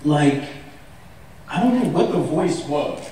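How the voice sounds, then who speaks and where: A man's voice: on the high side, slow pace. Laughing man telling stories in an echoey hall. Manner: animated, laughing, acts out quotes with a raised voice. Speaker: actor on a convention stage panel. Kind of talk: casual storytelling on stage. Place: large convention hall. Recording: echoey hall, mic heard from a distance.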